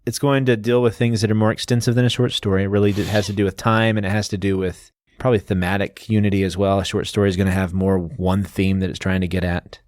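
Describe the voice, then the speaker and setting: A man's voice: on the low side, flat delivery, fast, few pauses, darkish tone, dry recording, clean studio sound. A man hosting a podcast, casually explaining a novel's background and stopping to restart his sentences. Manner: explanatory, lists facts, frequent restarts. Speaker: podcast host. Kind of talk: casual book discussion.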